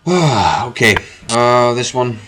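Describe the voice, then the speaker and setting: A man talks through his own chess game live, thinking aloud in a mid-pitched voice. He circles back on phrases and uses plenty of fillers as he weighs his moves. A faint hiss sits under the recording. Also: animated, slow, a bit bright. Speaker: chess streamer.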